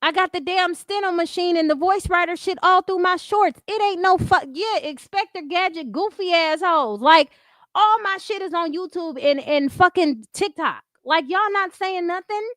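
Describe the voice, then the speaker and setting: A woman's voice: extremely high pitch, moderate pace, fairly bright tone, dry recording, clean studio sound. A woman hosting an unscripted commentary stream, talking bluntly with heavy profanity and repeating her catchphrases.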